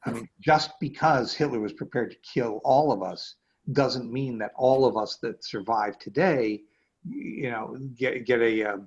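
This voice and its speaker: A man's voice: medium pitch, measured pace. A male rabbi giving a conversational class, hesitant, with many fillers and restarts, over a video call. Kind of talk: conversational lecture. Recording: dull lo-fi video call audio.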